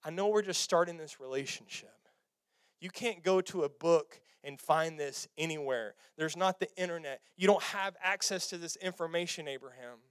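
A man preaching voices God speaking to Abraham, slow and weighty, hushed at first and then booming. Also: no room sound, clean studio sound. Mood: solemn, hushed.

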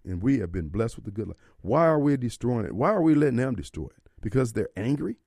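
A man's voice: mid-range voice, very animated, fast, gravelly, a little mellow, no room sound, studio quality. A man hosting a radio talk show, preaching his opinions and firing off rhetorical questions. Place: radio studio. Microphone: studio microphone.

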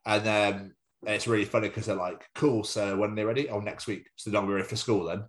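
Brisk and steady in tone, a somewhat low-voiced young man co-hosts a podcast. He's chatty and jokey, wanders off topic, and now and then slips into a silly voice.

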